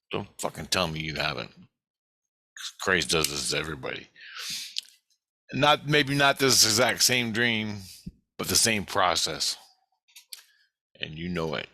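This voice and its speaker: A man's voice: sits low, pushed and bright, no echo. A man talking casually and at length, recounting a dream in a profane, rambling, emphatic way.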